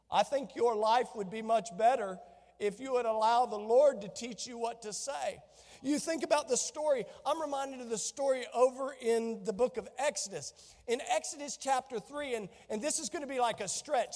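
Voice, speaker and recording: A male pastor delivers an animated sermon, slipping into the voices of the people in his scripture story. His voice sits very high for a man. The sound carries the long reverb of a church hall. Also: moderate pace. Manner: animated preaching, acts out biblical dialogue.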